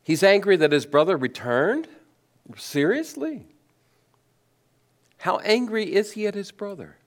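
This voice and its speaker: A man preaching a sermon, asking rhetorical questions and letting his voice swing between high emphasis and low, quiet stress. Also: lively intonation, measured pace. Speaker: pastor.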